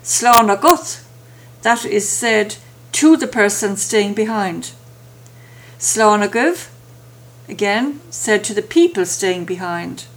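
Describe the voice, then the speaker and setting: A woman teaching a language lesson, saying each phrase and then its translation with slow, careful pronunciation. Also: medium pitch, animated. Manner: slow, careful enunciation with pauses between phrases.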